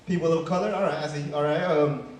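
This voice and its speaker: High-voiced comedian, echoey distant club. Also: male voice, fairly even intonation, quick pace, a little mellow. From Chicago. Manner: casual, drops "man" and "right?" constantly. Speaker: stand-up comedian. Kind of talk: stand-up set.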